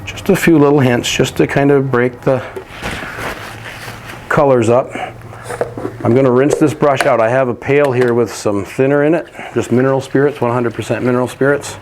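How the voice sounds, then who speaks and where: A man teaching a painting lesson, walking through each step in a relaxed, practical way while he works. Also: medium pitch, moderate pace, slight background noise. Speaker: painting instructor.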